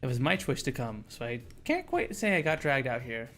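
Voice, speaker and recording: A young woman narrating her own story in first person, read aloud by a man. The delivery is even and mid-pitched, with faint music behind the visual novel reading. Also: fairly quick. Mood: calm. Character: young female protagonist narrating.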